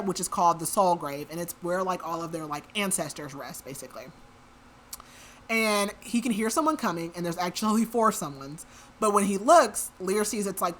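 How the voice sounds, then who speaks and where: Her voice sits on the low side with a fairly bright tone. As a podcast host, she casually recaps a book's plot, chatting away and sprinkling her retelling with fillers and plenty of "likes."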